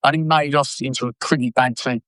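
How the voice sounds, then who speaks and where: An older former footballer telling blunt, sweary stories in an interview. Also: male voice, medium pitch, brisk, no echo, rough recording. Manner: blunt, sweary, animated anecdotes. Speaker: former footballer and manager, guest. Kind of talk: casual storytelling interview.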